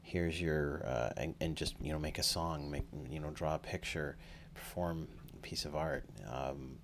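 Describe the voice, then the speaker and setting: Male podcast host, deep voice, loose rambling delivery, faint noise on the line. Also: steady tone, measured pace. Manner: rambling, self-deprecating, with lots of fillers. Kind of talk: casual podcast chat.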